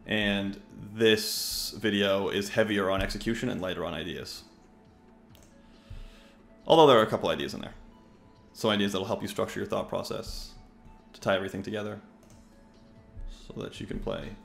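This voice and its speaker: A young man rambles through his poker hands in a loose, chatty stream commentary and swears freely. His voice sits low with a gravelly edge. It echoes around a roomy space over faint music. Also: moderate pace, long pauses, a bit bright. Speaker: poker player and coach. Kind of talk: casual live-stream commentary while playing.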